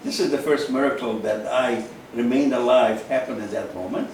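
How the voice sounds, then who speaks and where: A man in his 90s, a Holocaust survivor from Carpatho-Ruthenia in Eastern Europe, gives a personal account as an interview guest. His voice is mid-range, a little mellow, yet gravelly and creaky, and his delivery is slow and halting with fillers and repetitions. The distant mic picks up heavy room echo and a faint hiss.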